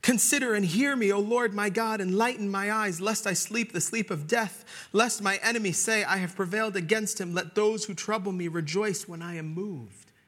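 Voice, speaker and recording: A man preaching a sermon in a church, swinging between loud emphatic declarations and hushed, whispered lines. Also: high-pitched, normal speed, few pauses. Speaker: pastor.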